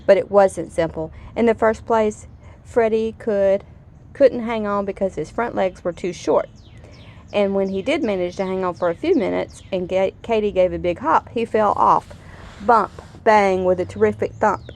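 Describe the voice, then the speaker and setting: A woman reads a children's story aloud, gentle and expressive in her storytelling. Her voice is mid-range and moves at a normal speed.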